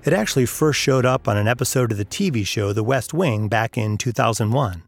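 A man's voice: medium pitch, expressive, a little fast, no room sound, soft background music. A man narrating an audiobook chapter, telling a story and lifting his voice for the characters' lines. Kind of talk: audiobook narration with acted dialogue.

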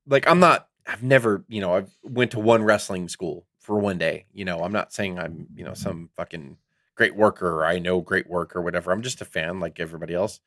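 A middle-aged man co-hosting a podcast in casual chat, rambling and excitable, swearing often as he talks. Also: lowish voice, no room sound, clean studio sound. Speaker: podcast co-host.

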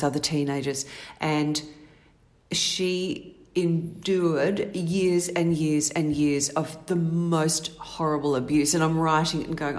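A woman co-hosting a podcast, telling a true crime story in a chatty, playful way. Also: sits low. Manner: chatty, laughs easily, playful asides. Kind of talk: casual storytelling chat.

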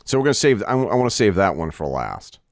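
A man co-hosting a podcast in casual chat, animated and tripping over restarts when excited. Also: low voice, quick pace, no room sound, studio quality. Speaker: podcast co-host.

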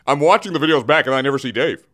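A man's voice: mid-range voice, rapid-fire, a bit bright. A man hosting a comedic sports segment from a studio, theatrical and self-interrupting, often breaking into giggles. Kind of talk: comedic in-character sports rant. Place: radio studio. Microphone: studio mic.

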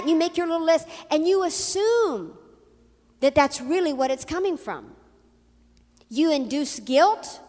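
A high-pitched woman preaching a sermon with lively emphasis, acting out the people she quotes. Her voice carries a long hall reverb. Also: unhurried, long pauses. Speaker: pastor.

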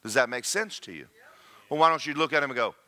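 A man's voice: medium pitch, lively intonation, fast, sharp tone, no echo. A middle-aged man preaching a sermon, joking and acting out quoted voices.

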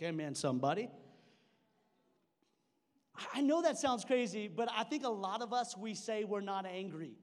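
A man's voice: sits high, lively intonation, moderate pace, long pauses. A young man preaching a sermon in church, conversational and joking, with frequent restarts. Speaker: pastor. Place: church sanctuary. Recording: long hall reverb.

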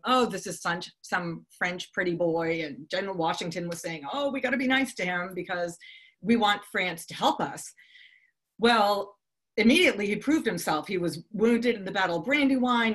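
A woman's voice: on the low side, fairly bright tone. A woman from Boston giving a live talk to an audience, telling a history story in a conversational way with frequent ums and restarts. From Boston, United States.

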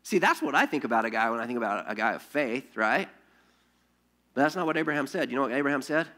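A male pastor preaches a sermon at a fast clip in a medium-pitched voice. He tells stories animatedly, asks rhetorical questions, and restarts frequently.

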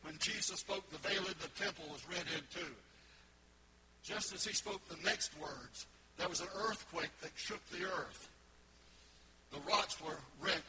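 High-voiced preaching man over loud noise. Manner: preaching with rising fervor, shouting quoted words. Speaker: pastor. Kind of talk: sermon. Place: church sanctuary.

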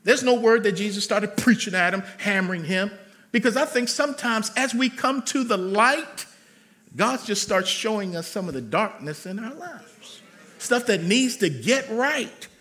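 A man pastor preaching a sermon, emphatic, swinging between loud calls and soft words. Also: high-pitched, lively intonation, normal speed.

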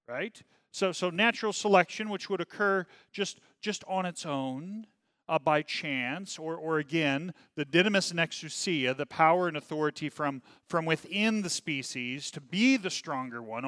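A man's voice: fairly bright tone, no room sound. Man lecturing, dry close sound. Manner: reads aloud then breaks off to comment, asking "okay?" and "right?"; volume rises and falls widely, dropping low on asides. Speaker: teacher; religious teacher. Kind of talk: classroom lecture reading from a text.

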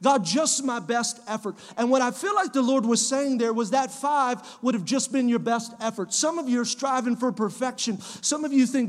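High-voiced pastor preaching in a reverberant hall. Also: male voice, moderate pace, few pauses. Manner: preachy, repeats phrases, rising to shouts. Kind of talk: sermon. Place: church sanctuary.

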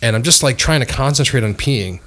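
A man co-hosting a podcast, telling a rambling story in an excitable, casual way. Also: mid-range voice, brisk. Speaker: podcast co-host.

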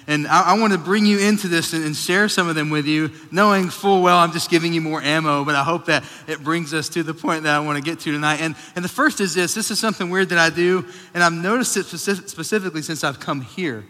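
A man's voice: on the high side, quick pace, few pauses, sharp tone. A man in his thirties, a pastor giving a casual, joking, self-deprecating sermon in a church auditorium. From Texas. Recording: long reverb of a large hall.

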